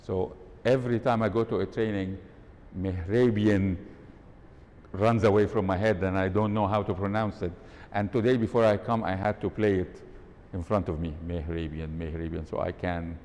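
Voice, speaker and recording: A workshop speaker with a darkish tone and fairly even intonation talks at normal speed in a live event hall session, quizzing the audience and demonstrating tones of voice. The sound carries long hall reverb and a faint rumble.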